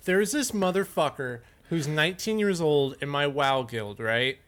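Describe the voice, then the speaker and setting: A man's voice: fairly high pitch, measured pace, a little hiss or hum. A young man in his twenties, cohosting a podcast, telling a story with lots of swearing and quoted voices. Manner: profane, animated storytelling. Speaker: podcast co-host. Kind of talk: casual podcast chat.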